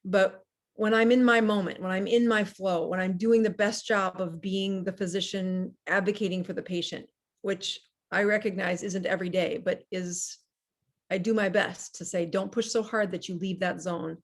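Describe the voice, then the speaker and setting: A middle-aged woman physician telling stories in an interview, earnest and reflective, with restarts and the odd soft laugh. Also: medium pitch, fairly even intonation, normal speed. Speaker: physician guest. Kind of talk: casual interview storytelling.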